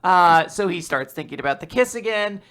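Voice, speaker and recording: A man casually recapping a manga chapter on a podcast, acting out characters' lines in quick put-on voices. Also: high-pitched, animated, sharp tone, clear, resonant tone. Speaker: podcast co-host.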